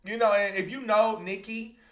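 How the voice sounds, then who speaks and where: Guy with a high voice doing gossip commentary, chatty, keeps saying y'all. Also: steady tone, normal speed, a bit bright. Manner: chatty, addresses viewers as y'all, emphatic. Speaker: commentary YouTuber.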